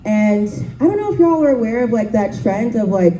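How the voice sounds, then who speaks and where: Young woman stand-up, laid-back deadpan delivery, dark timbre, heard from across an echoey club. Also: on the high side, a little fast, recorded from a distance. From Haitian family. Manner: casual, deadpan, lots of ums and likes. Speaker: stand-up comedian. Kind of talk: stand-up comedy set. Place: comedy club stage.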